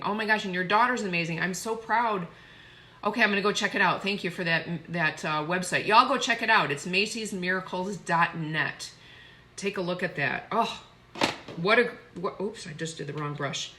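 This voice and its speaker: A woman's voice: mid-range voice, bright, forceful tone. A woman chatting effusively while doing her makeup on a live stream. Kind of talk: casual live makeup tutorial.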